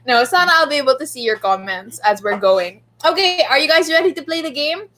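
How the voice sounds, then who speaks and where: Filipino woman host, high and bubbly, giggly live-stream banter. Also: lively intonation, brisk, pushed and bright. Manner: playful, giggly, code-switching chatter. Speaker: host of a livestreamed show.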